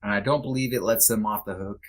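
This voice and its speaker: Earnest man, low-pitched, halting. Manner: earnest, halting, reflective with restarts. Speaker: podcast guest. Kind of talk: candid conversation.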